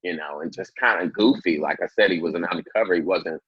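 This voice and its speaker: Male comedian guest, deep raspy voice, animated storyteller, lo-fi audio. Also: quick pace, dry recording. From Indianapolis, Indiana. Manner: animated storyteller, acts out quotes in a much higher voice. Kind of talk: casual interview storytelling.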